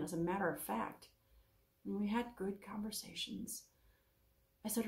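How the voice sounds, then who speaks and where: Middle-aged woman counselor, earnest storyteller, mid-pitched, roomy echo around her. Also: vocal fry, darkish tone. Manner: earnest, storytelling, slows down for emphasis. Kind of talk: informal educational talk to camera.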